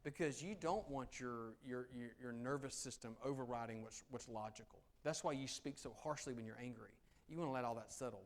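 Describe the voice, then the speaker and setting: A man presents to a meeting room of professionals. His pitch sits right in the middle for a man. He talks in a lively, conversational way, slipping into quick acted-out lines. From Southern United States. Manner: animated, conversational, acts out quotes. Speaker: attorney giving a negotiation talk. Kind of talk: conference presentation.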